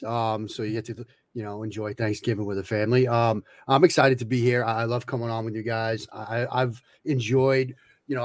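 A man's voice: medium pitch, no room sound. A man speaks as a guest analyst on a podcast, friendly and chatty. He often restarts his words and leans on fillers as he thinks aloud. The recording is dry. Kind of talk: casual podcast interview.

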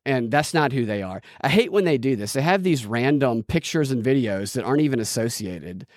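A man's voice: mid-range voice, animated, brisk, a little mellow, no echo, clean studio sound. A man hosting a podcast, chatting in a loose, sarcastic, joking way. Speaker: podcast host. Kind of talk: casual chat.

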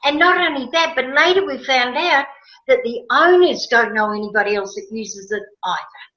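A woman telling a personal story in a casual interview, animated and emotional, acting out her own past words. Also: high-pitched, normal speed. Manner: animated, emotional, quotes herself with rising excitement. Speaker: guest. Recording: roomy, slightly dull sound.

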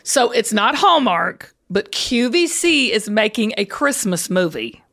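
A woman's voice: a little high, a little slow. A woman with a Southern US accent, hosting a casual chat and telling stories with lots of laughter. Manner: laughing, animated storyteller. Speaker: host.

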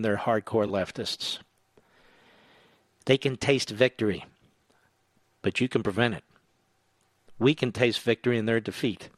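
A man's voice: mid-range voice, a bit bright, dry recording, clean studio sound. A man hosting a political talk radio show, speaking in a combative, emphatic monologue.

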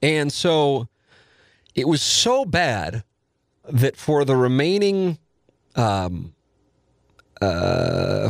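A man's voice: fairly low pitch, no echo, studio quality. A man in his forties, a podcast host, telling a rambling, self-deprecating and profane story in casual talk.

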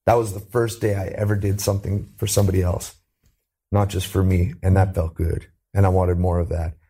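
A man from Canada telling his life story as an interview guest, earnest and animated, lifting his voice when he quotes people. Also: a little fast, breathy edge. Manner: earnest, acts out quoted voices with rising pitch.

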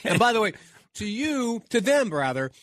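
A middle-aged New man with a fairly high, very lively voice, chatting quickly and throwing in short agreeing replies. He sounds close and dry in the studio. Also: dry recording. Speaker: radio co-host. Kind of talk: casual chat.

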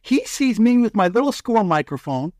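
Male broadcaster guest, animated raconteur, high-ish voice that swings widely. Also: normal speed, no room sound, clean studio sound. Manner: animated, excitable storyteller. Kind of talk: storytelling in a podcast interview.

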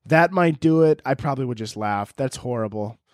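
A man's voice: medium pitch, expressive, fairly quick, darkish tone, no room sound, studio quality. A young man hosting a solo podcast, rambling crudely and laughing at his own jokes while lying on pillows at home. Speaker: podcast host. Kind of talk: casual solo podcast rant. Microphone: headphones and podcast mic.

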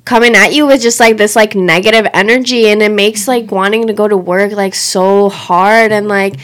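A woman's voice: mid-range voice, fairly even intonation, normal speed, fairly bright tone. A woman in a casual chat, talking hesitantly and leaning heavily on filler words.

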